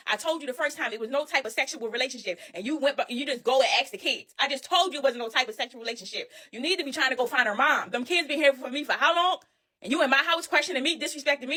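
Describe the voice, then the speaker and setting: Woman, storytime monologue, rapid, indignant, high-pitched. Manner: animated, indignant, addresses listeners as y'all and honey. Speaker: storyteller recounting her own experience.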